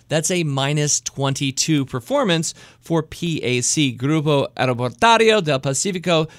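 A man's voice: fairly high pitch, no room sound, clean studio sound. A man from the United States hosting an investing podcast, talking in an enthusiastic, chatty way. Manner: chatty, enthusiastic, jokes about his fake Spanish accent. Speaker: podcast host. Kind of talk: casual investing podcast chat.

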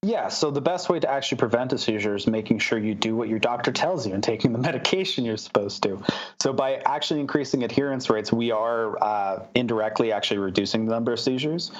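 A man's voice: mid-range voice, fast, dull audio. A man answering interview questions as a startup founder, talking with many fillers and restarts.

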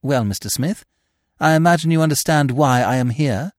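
A man's voice: on the high side, moderate pace, dry recording, studio quality, voice pushed up, lightly acted. A man voicing a determined young woman who snaps her questions in a clipped way. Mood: snappish. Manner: clipped, snappish demands. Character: young woman, brisk, determined, sharp-tongued.

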